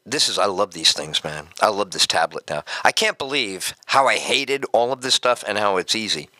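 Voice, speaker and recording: Brash, bright-voiced talk radio host. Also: male voice, fairly low pitch, animated, moderate pace, few pauses, no echo. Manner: loud, joking, self-mocking, talks to studio crew. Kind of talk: rambling live talk radio banter.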